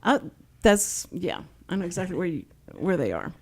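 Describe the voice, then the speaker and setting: A woman's voice: lowish voice, moderate pace. An older woman from Houston with a Texas accent, hosting a casual community radio talk show and telling stories in a chatty way. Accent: Texan. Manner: chatty storyteller, lively and animated.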